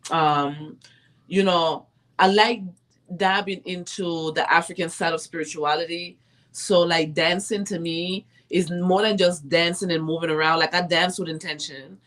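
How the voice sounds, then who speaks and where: A woman's voice: fairly low pitch, steady tone, a little slow, fairly bright tone. A woman talking casually and reflectively about her spiritual practices, with many fillers. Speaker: podcast co-host. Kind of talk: casual conversation.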